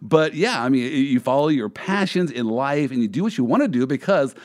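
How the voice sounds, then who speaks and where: A man's voice: medium pitch, animated, a little fast, a little mellow. A man hosting a podcast, chatting casually and playfully with his guest and laughing often. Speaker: podcast host, lawyer. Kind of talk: casual interview chat.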